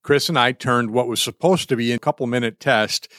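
Chatty American podcast host, dry studio. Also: male voice, medium pitch, fairly quick, a bit bright, no room sound. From United States. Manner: chatty, self-deprecating, laughs often. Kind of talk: podcast monologue and casual chat.

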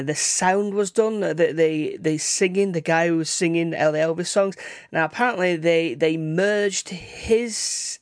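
A man's voice: a little high, no room sound. Chatty man, rambling and restarting. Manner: rambling, repeats and restarts words, excitable bursts. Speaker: podcast host. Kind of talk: casual solo podcast chat. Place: indoors, rain outside.

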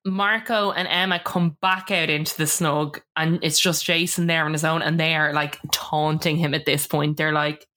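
A woman's voice: deep voice, fairly even intonation, moderate pace, few pauses, bright, forceful tone. A woman co-hosting a podcast, casually recapping a reality show as a chatty storyteller who laughs often. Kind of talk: casual chat.

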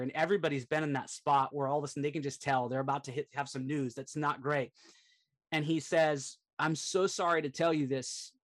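A middle-aged man, a performance coach and speaker, earnestly retelling a personal setback as a podcast guest, peppering his talk with "like". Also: a little high. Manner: earnest, animated retelling, frequent "like" fillers. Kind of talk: personal storytelling.

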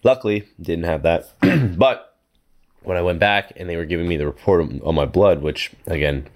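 A young man co-hosting a podcast, telling a rambling story in casual chat, pausing to search for words. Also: deep voice, darkish tone. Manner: rambling, halting with fillers. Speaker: podcast co-host.

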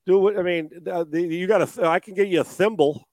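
A man's voice: high voice, fast, darkish tone, no echo. Rambling, joking football coach, man. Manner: rambling, joking, stumbling restarts. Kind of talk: casual podcast chat.

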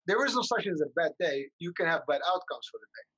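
A man's voice: on the high side, lively intonation, quick pace, sharp tone, breathy edge, muffled recording. Talkative upbeat male podcast host. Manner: upbeat, talkative, asks long questions. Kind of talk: casual interview chat.

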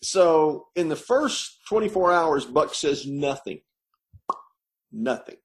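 Gravelly man telling a story. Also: on the high side, expressive. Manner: rambling, halting with many ums and repeated words. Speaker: interview guest. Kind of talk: casual storytelling.

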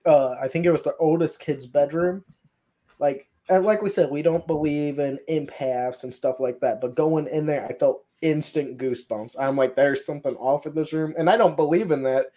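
A man's voice: fairly high pitch, moderate pace, dark tone. A man, a guest paranormal investigator, telling his stories in a loose, rambling way with plenty of fillers. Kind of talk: casual storytelling.

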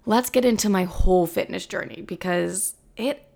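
A woman's voice: mid-range voice, normal speed, creaky, darkish tone. A young woman in her twenties hosting a solo podcast, chatting casually, full of filler words and swearing freely. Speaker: podcast host.

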